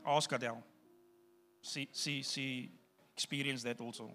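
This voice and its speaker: A man's voice: medium pitch, steady tone, a little slow, sharp tone, faint music behind. A man preaching a sermon as pastor, emphatic and speaking straight to his congregation.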